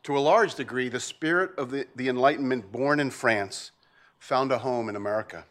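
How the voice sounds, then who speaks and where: A man delivering a formal opening address at a policy event, in a measured, ceremonious tone. His voice sits at an ordinary middle pitch. He reads prepared remarks steadily to an audience. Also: a bit bright. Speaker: think tank president opening an event. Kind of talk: formal prepared welcome speech.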